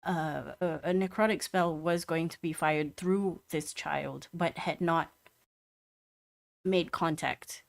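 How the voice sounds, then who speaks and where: A woman game master with a lowish voice. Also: steady tone, slow, gravelly. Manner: descriptive, with many fillers and restarts. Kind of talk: narrating a tabletop game.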